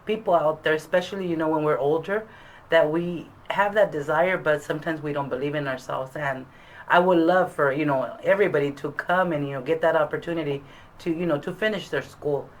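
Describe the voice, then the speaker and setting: Low-voiced, hesitant woman. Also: brisk, a little hiss or hum, rough recording. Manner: hesitant, soft-spoken, many fillers. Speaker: adult school graduate. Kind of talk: casual interview chat.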